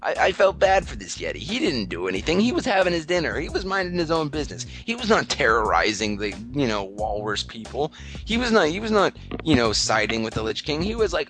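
A man's voice: medium pitch, big pitch swings, moderate pace, a bit bright, faint music behind. A man hosting a podcast segment, telling a comic gaming story and acting out the characters in a self-mocking way.

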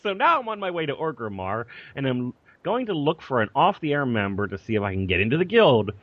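A man's voice: mid-range voice, big pitch swings, brisk, no room sound. A man co-hosting a casual gaming podcast, reading a listener email aloud with chuckles and apologies. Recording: dull lo-fi dry podcast mic.

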